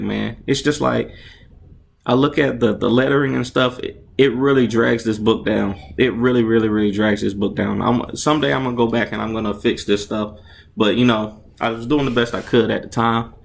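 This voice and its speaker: A man's voice: medium pitch, moderate pace, creaky, a little hiss or hum. A man casually narrating and explaining his own comic book, chatty and enthusiastic, often restarting his sentences and acting out sound effects.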